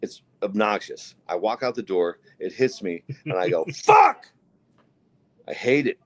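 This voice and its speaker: A man's voice: lowish voice, moderate pace. A man co-hosting a casual podcast, trading sardonic, drawling banter. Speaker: podcast co-host. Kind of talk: casual chat.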